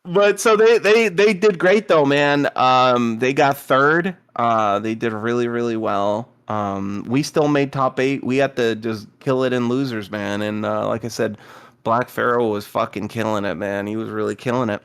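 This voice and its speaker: Animated young man telling a story. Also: normal speed, smooth. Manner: animated storyteller, acts out quotes with big pitch jumps, laughs often. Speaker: podcast guest telling a tournament story. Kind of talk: casual chat.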